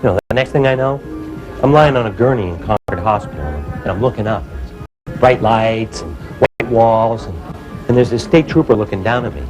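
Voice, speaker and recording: A man's voice: fairly low pitch, normal speed, over music, rough recording. A man telling his own true story to an audience, plain-spoken and reflective, often saying "you know".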